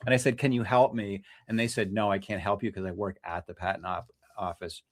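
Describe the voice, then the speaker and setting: A man's voice: on the low side, steady tone, a little fast. A man, a freelance journalist, talking casually in an interview, often restarting his sentences and correcting himself. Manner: restless, self-correcting, many restarts and fillers. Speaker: freelance journalist, podcast guest.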